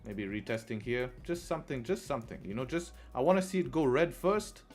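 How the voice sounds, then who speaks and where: A man's voice: mid-range voice, animated, brisk, soft background music. A man giving live trading commentary on a stream, talking to his viewers and laughing often in frustration. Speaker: forex trader live streamer.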